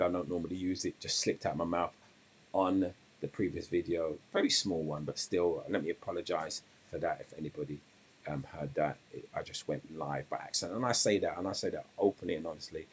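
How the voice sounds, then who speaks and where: A man's voice: low voice, slightly rough. A man hosting a weight-loss coaching podcast, talking casually and rambling, with restarts before an earnest moral point. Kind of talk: casual live-stream talk and storytelling.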